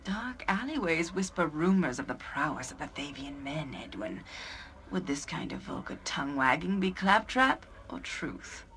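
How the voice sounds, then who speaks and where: An actress voicing a haughty, sultry dark elf woman in a video game, cutting and sensual in her delivery. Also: sits low, sing-song, moderate pace. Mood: disdainful.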